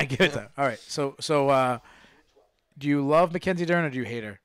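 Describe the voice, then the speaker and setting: A man's voice: mid-range voice, lively intonation, brisk, a bit bright, clean tone. A man hosting a casual fight-night podcast, rambling and restarting his phrases as he chats into a studio mic. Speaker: podcast host. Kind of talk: casual MMA commentary chat. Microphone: studio microphone.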